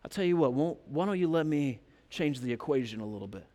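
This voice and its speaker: A man's voice: on the high side, expressive, quick pace, mellow. A man, as a pastor, casually voicing a smug, scheming male devil in a sermon retelling.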